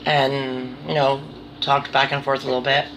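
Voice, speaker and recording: A woman's voice: a bass voice, level tone, moderate pace, fairly bright tone, a little hiss or hum. Rambling, nervous woman vlogging. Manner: rambling and self-deprecating, swears casually; nervous, apologetic. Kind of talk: casual chat to camera.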